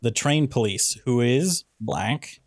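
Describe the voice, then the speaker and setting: A man's voice: mid-range voice, lively intonation, slow pace, dry recording, clean studio sound. A man co-hosting a casual movie review chat, sarcastic and ranting as he picks apart a plot. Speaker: podcast co-host.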